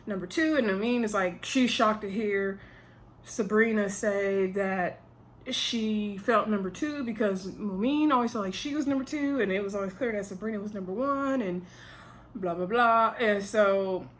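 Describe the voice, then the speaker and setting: A woman's voice: medium pitch, moderate pace, a little hiss or hum. A woman in a casual vlog, chatting with emphasis and talking straight to her viewers as she recaps a reality show.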